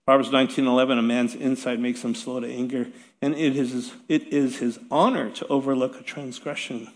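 A man's voice: mid-range voice, fairly even intonation, brisk. Middle-aged guy pastor preaching, chatty and self-mocking, mid voice, long reverb from the hall. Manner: conversational, self-deprecating humor with light laughs. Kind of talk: sermon.

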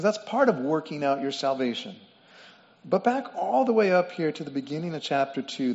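A high-voiced man with a somewhat dark tone preaches a sermon in a hall, explaining what words mean and repeating phrases for emphasis. The recording is dull and lo-fi, with long hall reverb.

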